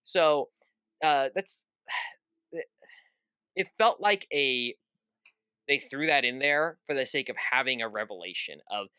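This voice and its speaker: Bright, clear-voiced young man reviewing films. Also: mid-range voice, lively intonation, slow pace, long pauses, no echo. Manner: acts out quoted reactions, lots of "at the end of the day". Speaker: podcast co-host. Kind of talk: casual film review chat.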